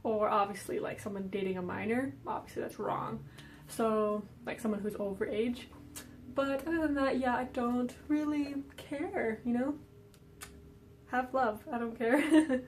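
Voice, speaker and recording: A young woman talks through a casual question-and-answer vlog, loose and chatty, leaning on "um" and "like". Her voice sits a little high, with a faint hiss of noise behind it. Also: a little mellow, low-quality recording. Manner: chatty, many fillers like "um" and "like". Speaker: vlogger.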